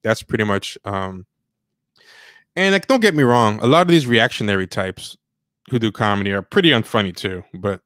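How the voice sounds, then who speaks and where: A man co-hosting a casual livestream podcast, talking in a rambling, sardonic way and mocking people with quick impressions. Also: lowish voice, expressive, fairly bright tone, no echo, clean studio sound. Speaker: podcast co-host.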